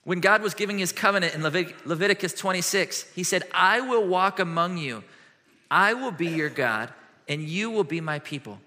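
A male pastor delivers a sermon in a large church hall, his bright, fairly high voice carrying a long reverb. He is animated and earnest, swinging from lively questions down to hushed, gentle passages. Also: normal speed.

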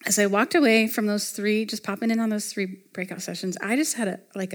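A woman leads a retreat session for a live audience in a relaxed, conversational sermon. Her voice sits at an ordinary middle pitch. She keeps the talk loose with plenty of fillers and stops to read scripture aloud. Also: moderate pace, few pauses. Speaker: retreat speaker. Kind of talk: casual sermon teaching.

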